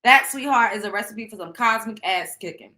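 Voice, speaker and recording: A woman hosting a show, chatting casually with viewers and reading out tarot cards in a loud, animated, profane way. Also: mid-range voice, fairly quick. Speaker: show host.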